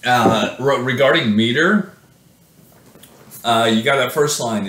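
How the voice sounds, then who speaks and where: A man's voice: mid-range voice, slow pace, long pauses, fairly bright tone, echoey room. A man reads his own sonnet aloud, then talks it through casually with many fillers and self-corrections. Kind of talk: poetry reading then casual explanation.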